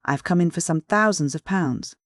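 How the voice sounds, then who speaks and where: A reader voicing a plump, shrewd elderly widow in an audiobook, brisk and businesslike under her gushing endearments. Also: medium pitch, no room sound, clean studio sound, pitched above the performer's own voice, close to an everyday voice. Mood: chatty. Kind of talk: audiobook dialogue reading.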